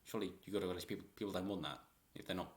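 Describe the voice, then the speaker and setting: A man's voice: low-pitched, level tone, racing. A man giving rambling, opinionated political commentary in a vlog and chuckling often.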